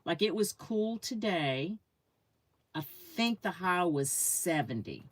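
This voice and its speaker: A woman's voice: lowish voice, lively intonation, slow pace, dry recording. A middle-aged woman chatting casually with viewers while crafting on a livestream, greeting them by name and thinking aloud.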